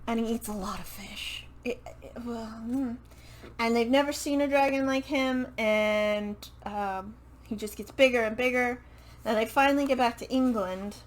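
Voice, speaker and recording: A woman's voice: fairly high pitch, moderate pace, poor audio. A woman chatting casually to camera about a book series into a microphone, rambling with self-correcting asides and casual swearing. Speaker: book vlogger. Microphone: microphone she turns to face.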